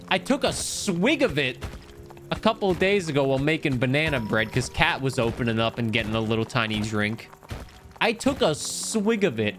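A young man talks through a game on a live stream, his voice leaping up and down as he tells a story. Faint game music plays underneath. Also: moderate pace. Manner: animated storytelling, swings high when excited. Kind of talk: casual gameplay commentary.

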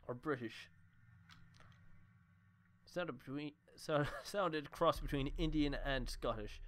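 A man's voice: fairly high pitch, takes it slowly, pauses often, a bit bright, a little hiss or hum. A man casually joking and swearing as he thinks aloud while playing a horror game. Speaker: let's play gamer.

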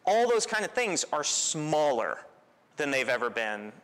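A man preaching a sermon in a relaxed, storytelling way, with self-deprecating humor. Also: fairly high pitch, measured pace, smooth. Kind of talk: conversational sermon. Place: church sanctuary. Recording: long church reverb.

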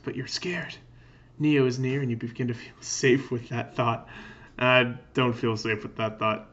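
A man's voice: mid-range voice, fairly bright tone, dull audio. A man playing a dating game, reading its text aloud with wry, self-mocking asides. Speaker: let's player.

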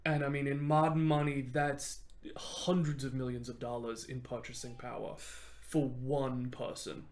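A man hosting a podcast, telling a history story in an animated, casual way and laughing often. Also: medium pitch, measured pace, slight background noise. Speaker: podcast host.

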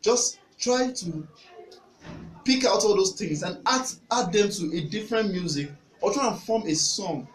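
A man's voice: high-pitched, expressive, measured pace. Earnest young man teaching music. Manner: earnest, repeats points, breaks into short sung examples. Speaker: music tutor. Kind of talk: casual spoken music lesson. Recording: echoey room with faint hum.

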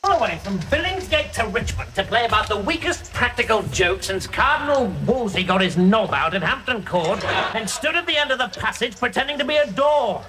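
An actor with a posh English accent playing a sardonic, scheming courtier in a TV sitcom, sarcastic and cutting. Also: male voice, extremely high pitch, lively intonation, a little fast, over music. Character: sardonic, scheming male courtier, quick and contemptuous.

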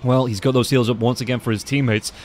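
A man giving rapid play-by-play commentary on an esports match as caster. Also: medium pitch. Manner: rapid, excited play-by-play calls.

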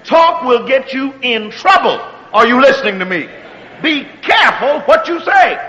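High-voiced preacher calling out to the congregation. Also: male voice, very animated, in a large hall, low-quality recording. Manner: call-and-response preaching, asks if the congregation is still with him; swings between quiet, drawn-out phrases and shouted exhortations. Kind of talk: sermon.

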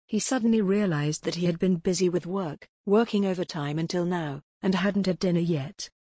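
A woman narrating an audiobook in an even, steady storytelling manner. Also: on the low side, moderate pace, slightly rough, no echo, clean studio sound.

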